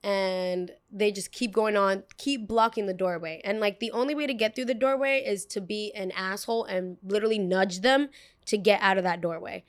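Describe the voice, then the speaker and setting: A woman's voice: medium pitch, steady tone, normal speed. Young female podcast host, casual storytelling, chatty and filler-heavy, acts out the people she quotes.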